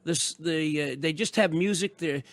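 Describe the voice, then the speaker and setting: A man's voice: on the high side, moderate pace, dry recording. A man co-hosting a call-in radio show, telling stories and quizzing the caller with enthusiasm. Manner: storytelling, enthusiastic, asks questions. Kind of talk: casual radio chat.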